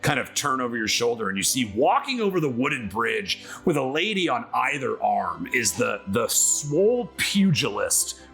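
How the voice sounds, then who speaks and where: A man's voice: medium pitch, moderate pace, gravelly, few pauses, faint music behind. A man narrating a tabletop game as game master, casual and full of fillers. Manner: casual, filler-heavy, lively storytelling.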